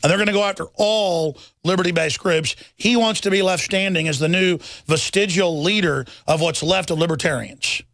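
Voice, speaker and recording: A man's voice: high voice, moderate pace, creaky, hardly any pauses, fairly bright tone, dry recording. A middle-aged man hosting a talk radio show, reading headlines and ranting in a heated, rambling way, often repeating himself. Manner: heated, rambling, repeats words when agitated.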